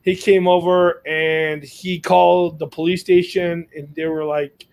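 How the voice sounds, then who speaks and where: A man's voice: on the high side, flat delivery, a little slow, creaky, a little mellow. A man telling a long, rambling story in casual podcast chat, full of fillers and swearing. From United States. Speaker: podcast co-host.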